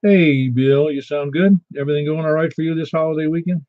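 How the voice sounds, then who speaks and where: A man in his sixties from Niagara Falls, New York, hosts a ham radio net, chatting casually on air with a self-deprecating, storytelling style. His voice sits on the high side with a steady tone and a slightly quick pace. The recording is dry, with the highs cut off.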